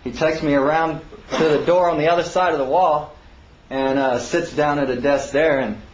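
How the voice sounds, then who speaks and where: A man casually recounting his own court hearing, acting out the others with sudden raised, high voices. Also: fairly even intonation, moderate pace. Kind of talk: casual spoken anecdote. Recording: roomy dull lo-fi recording with faint hiss.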